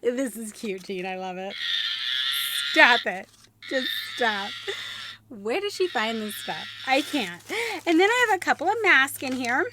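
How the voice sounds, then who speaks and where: A woman hosting an unboxing vlog, gushing and excitable, gasping and squealing over each item. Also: a little high, unhurried, pauses often, noisy background. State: short on sleep. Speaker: DIY channel host.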